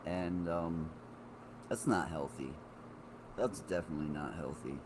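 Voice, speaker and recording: A man in his forties with a rumbling low, slightly slow voice rambles and swears while chatting casually with his live-stream viewers. Background noise can be heard in the recording.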